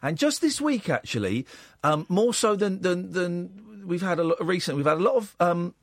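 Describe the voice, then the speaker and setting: A man hosting a late-night radio phone-in, talking in a rambling, halting way full of fillers. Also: high voice, big pitch swings, dry recording, clean studio sound. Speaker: radio host. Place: radio studio.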